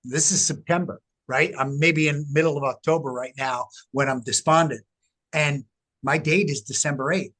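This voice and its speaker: Animated middle-aged man, slightly high voice. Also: normal speed. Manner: animated, emphatic storytelling. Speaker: guest, researcher. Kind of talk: casual interview talk.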